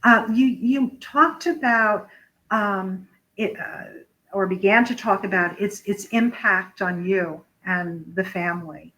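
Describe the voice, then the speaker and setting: A woman host speaks slowly in a bright, clear tone. She interviews a guest, asking gentle and careful questions and often restarting her sentences. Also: medium pitch, rough recording.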